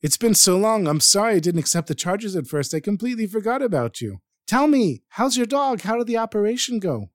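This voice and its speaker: A man's voice: high-pitched, big pitch swings, a little fast, hardly any pauses, no room sound, studio quality, pitched above the performer's own voice. A man doing a blunt, incredulous professor. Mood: eager. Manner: incredulous, questioning. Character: puzzled, blunt male professor.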